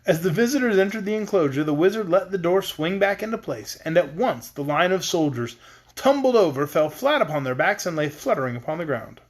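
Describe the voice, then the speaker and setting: A man reads a children's storybook aloud, his voice sitting high and swinging widely in pitch. His narration is lively and expressive. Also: brisk. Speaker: audiobook reader.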